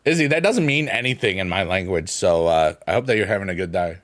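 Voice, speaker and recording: Playful rambling male streamer, lively pitch. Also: quick pace. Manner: rambling, playful, bursts into silly sing-song noises. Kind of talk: casual live-stream chat while gaming.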